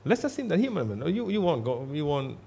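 A man's voice: a little high, very animated, brisk, creaky, mellow, breathy edge. A man giving a Buddhist sermon in a blunt, emphatic way, repeating himself for stress. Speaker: Buddhist monk.

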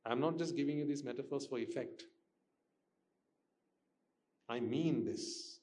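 A man's voice: medium pitch, a little slow, dark tone, slight background noise. Man, Buddhist teacher, dharma talk, emphatic, repeats himself, questioning.

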